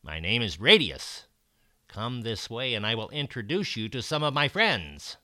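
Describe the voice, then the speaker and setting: A man's voice: medium pitch, big pitch swings, normal speed, bright, forceful tone, no echo, studio quality. A man voicing a slimy alien creature with a scratchy voice in a storybook reading. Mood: friendly.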